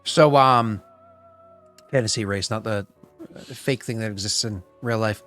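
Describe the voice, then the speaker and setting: A man's voice: on the low side, unhurried, a bit bright, faint music behind. A man acting as game master of an online tabletop game, laughing often and stammering through restarts.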